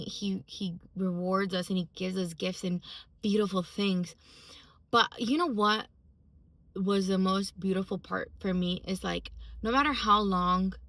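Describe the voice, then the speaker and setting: A woman's voice: mid-range voice, a bit bright, no echo. A woman giving a casual, emphatic personal faith testimony, full of fillers as she talks. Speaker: faith vlogger.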